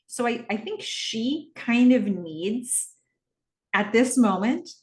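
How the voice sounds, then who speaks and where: A woman's voice: a little high, lively intonation, slow. Chatty female podcast host recapping a TV episode, musing aloud; echoey room. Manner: chatty, thinking aloud with frequent fillers. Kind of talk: rewatch podcast recap and commentary.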